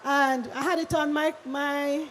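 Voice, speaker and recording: A woman's voice: high voice, fairly even intonation, measured pace, fairly bright tone. A woman with a Jamaican accent promoting a product at a live event, chatty and stumbling over her words. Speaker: company representative. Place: large conference hall. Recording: echoey hall with faint noise.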